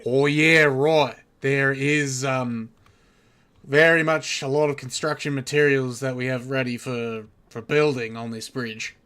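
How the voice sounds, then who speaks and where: A male space marine soldier stumbles through a bluff, loud and halting, as a man acts him out. He speaks at a middling pitch in a tabletop role-play. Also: fairly even intonation, clean tone, lightly acted. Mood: playing along.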